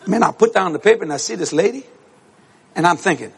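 A male preacher delivering an animated storytelling sermon to a congregation, acting out voices and breaking into shouts and laughter. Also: on the high side, fast, vocal fry, slightly rough. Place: church service with congregation.

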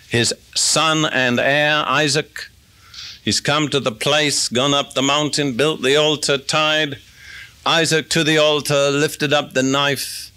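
Male preacher, bright clear tone, conversational Bible teaching, reads verses aloud. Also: medium pitch. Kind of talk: expository sermon.

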